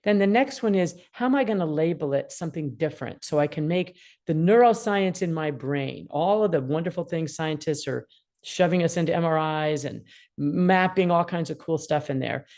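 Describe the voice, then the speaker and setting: Low-voiced woman in her sixties. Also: normal speed. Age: 60s. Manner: animated, acts out quoted feelings. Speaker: attorney mediator and parenting guest. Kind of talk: explaining parenting advice.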